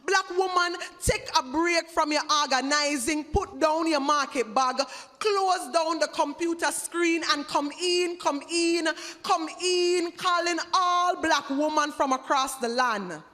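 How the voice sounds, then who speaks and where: A woman's voice: very high voice, unhurried, few pauses, a bit bright. Rhythmic woman performing spoken-word poetry. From Jamaica. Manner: rhythmic, incantatory repetition. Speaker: performance poet. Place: large indoor event hall. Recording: echoey festival hall.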